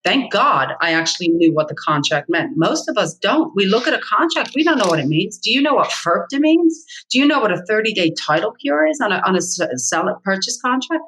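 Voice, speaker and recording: A woman's voice: mid-range voice, sing-song, a little fast, few pauses, a bit bright, poor audio. A middle-aged woman, a real estate agent speaking as an interview guest, blunt and emphatic, hammering her points home by repeating them. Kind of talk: candid interview talk.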